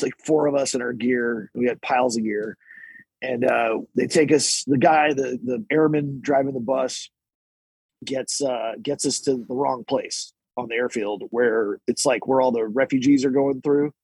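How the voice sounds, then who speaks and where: A man with a husky, slightly breathy voice spins a long story on a podcast, doubling back and restarting as he goes. The sound is close and dry, with no room around him. He talks like a service member recounting a messy trip to a friend. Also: medium pitch, unhurried, darkish tone, no echo, rough recording. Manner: rambling, many restarts and asides, laughing at his own story. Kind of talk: casual anecdotal storytelling. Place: podcast recording.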